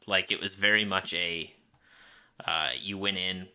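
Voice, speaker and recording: Low-pitched, bright male podcast co-host. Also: fairly even intonation, measured pace, clear, resonant tone. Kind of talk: casual film discussion chat.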